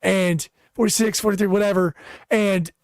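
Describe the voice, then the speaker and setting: A man's voice: high-pitched, steady tone, normal speed, dry recording. A young adult man, a podcast co-host and comic, telling a rambling story in casual chat, swearing and laughing as he goes.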